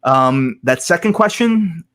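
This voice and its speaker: A man's voice: a little high, lively intonation, takes it slowly, a bit bright. A man, a guest on a casual podcast interview, talking hesitantly with many restarts and filler sounds. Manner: hesitant, restarts often, frequent ums.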